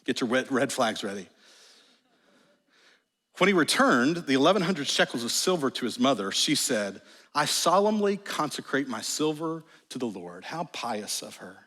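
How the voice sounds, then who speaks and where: A man preaching a sermon in a church, animated and jokey, with sudden exclamations. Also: medium pitch, moderate pace. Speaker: pastor. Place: large church sanctuary. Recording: long church hall reverb.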